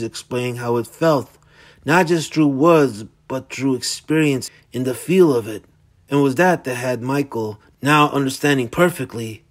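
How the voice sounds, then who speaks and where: A man narrating his own hard-boiled thriller in a dramatic audiobook style. His storytelling is intense and gritty, leaning into the dread of each scene. He speaks at an ordinary mid pitch for a man. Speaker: author reading his own novel.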